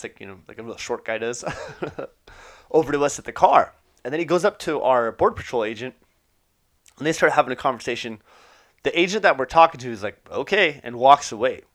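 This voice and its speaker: A man's voice: medium pitch, fairly bright tone. A man telling a personal story in a casual, profane way, with fillers and laughter.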